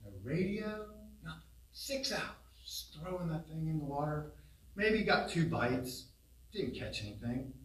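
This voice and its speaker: A man telling humorous family stories in a eulogy at a funeral home, animated and laughing along, recorded from a distance. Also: on the high side, measured pace. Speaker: son giving a eulogy. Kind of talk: humorous memorial storytelling. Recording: roomy, distant hall sound.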